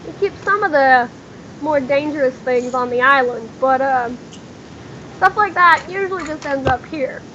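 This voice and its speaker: A woman voicing a short, fussy older male shopkeeper who talks slowly and gruffly. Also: high-pitched, bright, forceful tone, muffled recording, a little hiss or hum. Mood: explaining.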